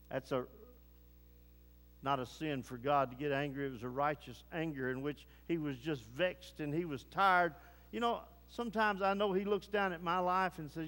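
A man preaching a sermon with fervent delivery, moving between low grave tones and rising urgency. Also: fairly even intonation, moderate pace, a bit bright, in a large hall.

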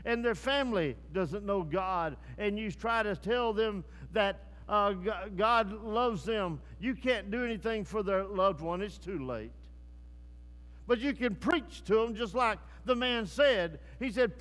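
A man preaching a sermon, swinging from hushed, low passages to loud, rising calls. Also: animated, unhurried. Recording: long hall reverb.

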